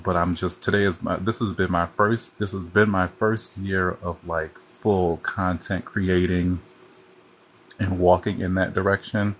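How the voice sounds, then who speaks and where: A man's voice: deep voice, level tone, measured pace, a little hiss or hum. A man hosting a casual livestream chat on his phone, rambling and chatty as he jumps from topic to topic. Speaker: host.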